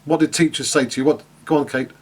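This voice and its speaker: A man's voice: fairly high pitch, fairly even intonation, fast, slight background noise. A man teaching an online class in a chatty way, with many fillers and restarts, asking his students questions. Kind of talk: online lecture.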